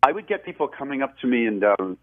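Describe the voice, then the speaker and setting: A man in his forties talks casually as a radio guest, heard through a tinny, phone-like line. He rambles, laughs at himself and restarts his sentences often. His voice sits at a middle pitch for a man. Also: very animated, fast talker. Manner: rambling, self-deprecating, many restarts and laughs. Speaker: actor and film director, guest.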